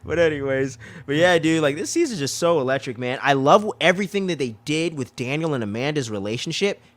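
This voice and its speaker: Male podcast co-host, fast and excitable, cursing freely and doing voices for quotes. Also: a little high. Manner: excitable, profane, acts out quotes in put-on voices. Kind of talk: casual review chat.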